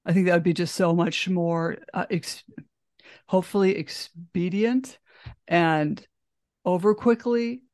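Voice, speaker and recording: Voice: mid-range voice, a little slow, darkish tone, no room sound. Podcast host, agreeing, dry close sound. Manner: agreeing, frequent backchannel "mm-hmm". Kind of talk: conversational interview.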